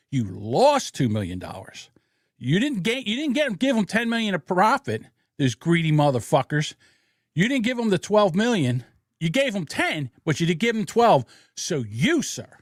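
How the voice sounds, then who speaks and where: Podcast host, male, pitch slightly high, very lively delivery, dry close mic, blunt and profane. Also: no room sound. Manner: blunt, profane, animated storytelling. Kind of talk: casual political podcast commentary.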